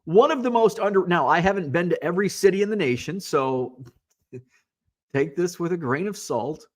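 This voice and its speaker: A man's voice: high-pitched, lively intonation, moderate pace. A man from Illinois hosting a podcast, chatting casually and rambling with lots of fillers and asides. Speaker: podcast host. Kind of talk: casual live-show chat, reading viewer comments.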